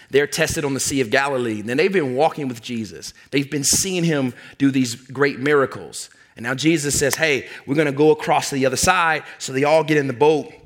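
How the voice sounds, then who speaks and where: A man preaching a sermon in an emphatic, conversational storytelling manner. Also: medium pitch.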